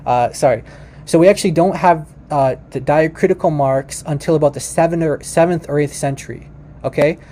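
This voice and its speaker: There's slight background noise behind this man's mellow, slightly high voice as he casually teaches about Aramaic. He talks directly to viewers as "you guys," often restarting his sentences and leaning on fillers. He also says words over again slowly for the listener.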